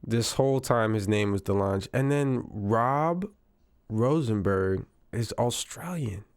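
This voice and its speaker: A smooth, clear-voiced man riffs on a news clip in loose, casual commentary. He sounds wry and incredulous and keeps repeating himself for effect. His voice sits dry and close, with no room around it. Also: on the low side, slow pace, no echo. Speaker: commentator reacting to news clips.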